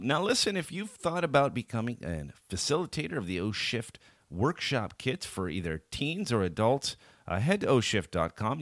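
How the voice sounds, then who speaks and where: Deep-voiced man host doing a promo. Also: dry recording, clean studio sound. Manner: relaxed, with frequent ums and uhs. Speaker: podcast host.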